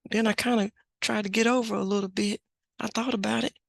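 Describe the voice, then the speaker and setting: A woman's voice: medium pitch, steady tone, quick pace, gravelly, dry recording, studio quality, voice pushed up. A woman voicing a small toddler boy who earnestly explains his feelings in simple words. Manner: earnest, simple childlike phrasing.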